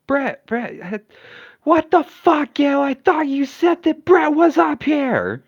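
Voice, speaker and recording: A tabletop player voicing a hot-tempered tentacled young man who yells frantically. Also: mid-range voice, big pitch swings, slow, gravelly, husky, no room sound, highs cut off, voice pushed up, full character voice. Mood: frantic shouting. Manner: shouting, frantic.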